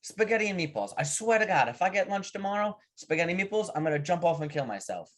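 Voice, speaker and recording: A man's voice: sits high, big pitch swings, fast talker, pitched above the performer's own voice. A man voicing a fed-up construction worker, griping in an exasperated tone.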